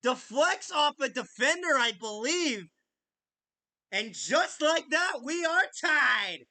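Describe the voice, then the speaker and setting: A woman hosting a casual live hockey commentary, calling the play with loud bursts and frequent swearing. Her voice sits high and bright and cuts through clearly. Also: slow. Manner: excitable, swears freely, shouts goal calls. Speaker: podcast host.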